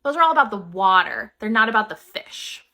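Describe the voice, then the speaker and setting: A woman's voice: mid-range voice, sing-song, brisk, sharp tone. A woman talking casually to the camera and explaining an idea, with frequent "like"s and a conversational flow. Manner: conversational, uses "like" often. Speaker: creator.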